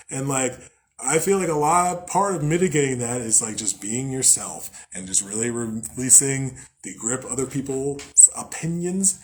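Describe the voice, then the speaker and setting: A young man talks through spiritual ideas in a loose, rambling way. He swears freely, leans on "like" and "right?", and his pitch sits in the middle range for a man. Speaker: host. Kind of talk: casual spiritual talk.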